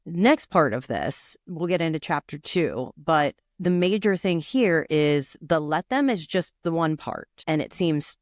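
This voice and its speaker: A woman in her forties co-hosts a podcast and tells stories in an animated, chatty way, slipping into the voices of the people she describes. Her pitch jumps around a lot, and her voice sounds dry and close to the mic. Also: unhurried, hardly any pauses, no echo. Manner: animated storytelling, acts out quoted voices. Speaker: podcast co-host. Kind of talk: casual chat.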